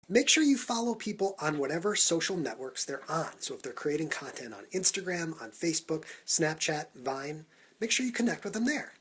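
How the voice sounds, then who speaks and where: A man vlogging for social media, talking in an energetic, punchy countdown style into a phone held at arm's length. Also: on the high side, moderate pace, breathy edge. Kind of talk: upbeat Snapchat vlog talk.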